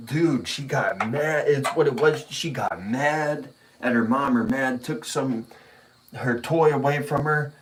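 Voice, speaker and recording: Laid-back, cursing man rambling casually. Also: medium pitch. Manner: laid-back rambling storytelling with profanity and laughter. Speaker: vlogger. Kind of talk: casual chat.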